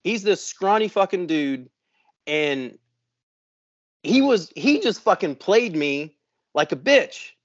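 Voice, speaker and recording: A man with a slightly high voice tells a long story in casual podcast chat, cursing freely and acting out what everyone said. The sound is dry and a little dull, like a close room mic with limited fidelity. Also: takes it slowly, pauses often, no echo. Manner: profane, animated, acts out quotes. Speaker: podcast co-host.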